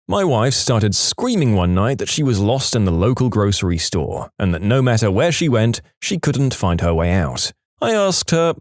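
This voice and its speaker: A man narrating reddit stories aloud, with lively delivery that jumps into quoted voices. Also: normal speed, no room sound, clean studio sound. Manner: lively, acts out quoted lines with big pitch jumps.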